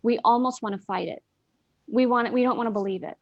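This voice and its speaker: A woman's voice: fairly high pitch, fast, no echo, highs cut off. A woman, a guest in a heartfelt spiritual conversation over a video call, speaking earnestly and repeating phrases for emphasis.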